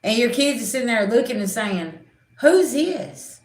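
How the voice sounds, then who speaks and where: A woman's voice: fairly high pitch, a little fast, reverberant. A middle-aged woman, a spiritual reader, talking bluntly and animatedly in a casual livestream chat, swearing freely.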